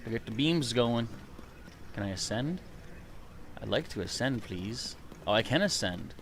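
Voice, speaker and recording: A man giving live gameplay commentary, excitable and chatty, reading out viewer comments. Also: medium pitch, measured pace, faint music behind. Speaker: streamer playing a video game.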